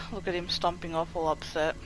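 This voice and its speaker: A young man chatting casually to his viewers during a game livestream, excitable and swearing often. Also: fairly high pitch, normal speed, noisy background. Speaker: gaming livestreamer. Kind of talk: casual live commentary to chat.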